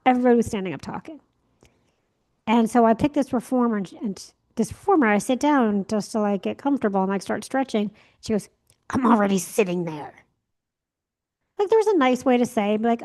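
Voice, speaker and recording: A woman's voice: on the high side, warm tone. A young woman co-hosting a podcast, telling a story in casual chat and acting out the lines she quotes. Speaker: podcast co-host.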